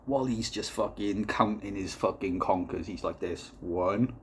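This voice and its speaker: A man doing a casual comic vlog, rambling and swearing through a deadpan story while reviewing a beer. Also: on the low side, normal speed, a little hiss or hum.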